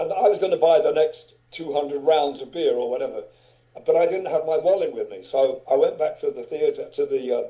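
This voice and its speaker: A man's voice: on the high side, narrow, tinny audio. An older man, a guest musician, telling loose anecdotes in a casual interview, swearing and chuckling as he goes.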